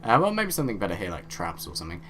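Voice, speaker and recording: Bright-voiced rambling gamer man. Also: lowish voice, wildly swooping pitch, racing. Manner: rambling, jokey, reads game dialogue aloud offhandedly. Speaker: let's play host. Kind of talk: casual gameplay commentary.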